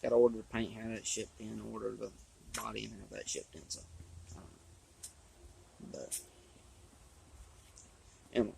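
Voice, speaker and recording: A man, chatting casually and rambling about his hobby, his voice hoarse from talking a long time. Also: lowish voice, flat delivery, normal speed, pauses often, a little mellow, low-quality recording. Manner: rambling, drawling, with restarts. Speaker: RC hobby vlogger. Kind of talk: casual trailside chat. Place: outdoors on a trail.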